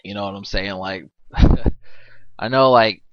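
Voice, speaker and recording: A man's voice: fairly low pitch, slow, no echo, dull audio. A man giving a rambling, casual movie commentary, full of fillers and restarts and laughing often, swearing now and then.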